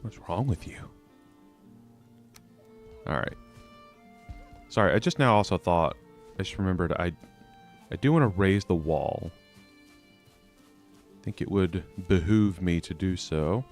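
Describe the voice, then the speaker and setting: A man's voice: deep voice, measured pace, pauses often, soft background music. A young man chatting his way through a live game stream, laughing and mocking his own mistakes.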